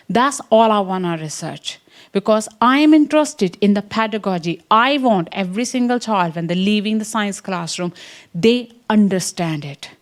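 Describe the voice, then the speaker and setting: Indian-accented woman giving an earnest research talk. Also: medium pitch. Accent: Indian English. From English Midlands. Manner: earnest, checks in with listeners. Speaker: science education researcher. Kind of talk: academic talk with slides.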